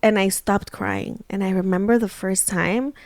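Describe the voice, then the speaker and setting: A woman in her thirties, co-hosting a casual chat, animated as she acts out her own thoughts. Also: medium pitch, normal speed, no echo. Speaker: co-host.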